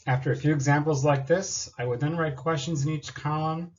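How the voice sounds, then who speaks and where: A man presenting a lesson plan in a measured, explanatory way, sometimes modeling question intonation aloud. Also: medium pitch, a little mellow, muffled recording.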